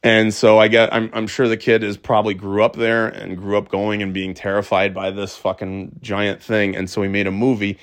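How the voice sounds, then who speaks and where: Excitable, cursing middle-aged man. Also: fairly low pitch, moderate pace, few pauses. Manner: excitable, swears freely, trips over restarts. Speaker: podcast host. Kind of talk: casual monologue.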